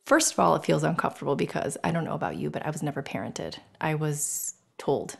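A middle-aged woman on her personal podcast speaks a little fast in a low, creaky voice with a breathy edge. Candid and emotional, she swears freely and acts out scenes animatedly with whispers and voices.

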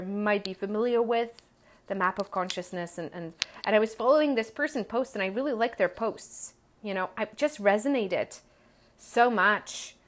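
A woman, a coach and entrepreneur, candidly telling a rambling personal story and acting out what she and others said. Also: mid-range voice. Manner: candid, rambling, acts out her own quotes.

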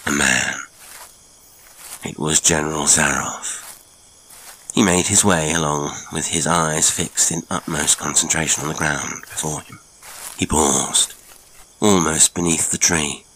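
A man narrating a classic adventure story in a measured, dramatic storytelling manner. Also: a bass voice, sharp tone, breathy edge. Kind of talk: scripted audiobook narration.

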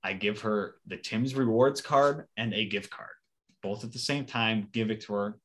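A man's voice: fairly low pitch, normal speed. A man co-hosting a podcast in casual chat, telling a rambling everyday story with some swearing. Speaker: podcast co-host.

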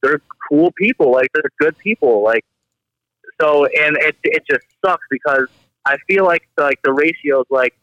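A young man from the Detroit area talks in a casual podcast chat, his voice bright and forceful as he tells animated stories full of filler. The audio is dry and slightly dull, like a lo-fi home setup. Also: on the high side, normal speed, no echo. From Detroit area, Michigan. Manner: animated storytelling, heavy filler words. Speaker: guest.

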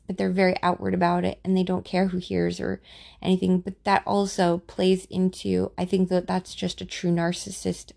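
A woman talking casually about her personal experiences, offering her opinion in a halting way with restarts and fillers. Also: lowish voice, creaky, darkish tone. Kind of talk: casual monologue.

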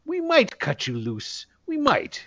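A man's voice: extremely high pitch, huge pitch swings, takes it slowly, fairly bright tone, slightly rough, dry recording, highs cut off, voice pushed up, exaggerated voice. A man voicing a suspicious, stern male commander who barks orders in a tabletop game. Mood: gruff. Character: gruff male half-elf commander Baradin, suspicious, stern.

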